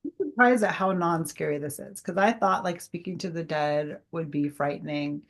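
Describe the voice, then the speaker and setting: A middle-aged woman, a guest medium, telling an animated personal story in casual chat and acting out the dialogue. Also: low voice, normal speed. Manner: animated, heavy use of "like", acts out quoted dialogue.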